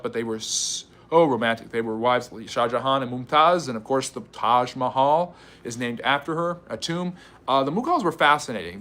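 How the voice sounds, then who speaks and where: An American man hosting a live history stream, reading out viewer comments and answering them in a quick, chatty, teasing way with frequent fillers. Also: medium pitch, a bit bright. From United States. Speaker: history channel livestream host.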